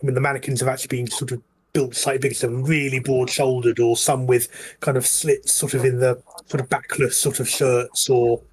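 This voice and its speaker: A man's voice: mid-range voice, little pitch movement, a little fast, rough recording. A man narrating as game master of a tabletop game, describing scenes in a rambling way full of fillers.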